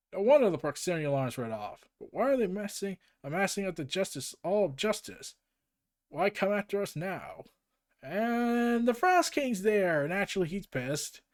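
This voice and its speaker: A man's voice: high voice, very animated, a little slow. A man recapping and reading through a comic book, with jokey asides.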